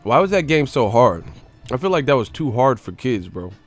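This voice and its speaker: Young dude on a boxing stream, mid-pitched, cussing a lot, faint music playing under him. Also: male voice, moderate pace. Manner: profane, animated, slips into impressions. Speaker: boxing live stream host. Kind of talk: casual live-stream commentary.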